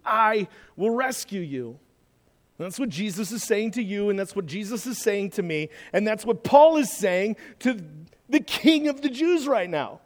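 High-voiced animated preacher in a hall. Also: male voice, moderate pace. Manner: animated, acts out quoted voices. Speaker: pastor. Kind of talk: sermon.

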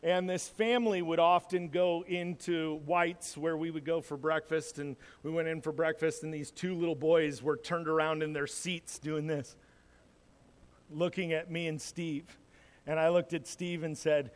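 A man's voice: fairly high pitch, steady tone, unhurried. A man preaching a casual sermon as pastor, rambling and self-deprecating, telling personal stories with lots of restarts. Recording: long hall reverb.

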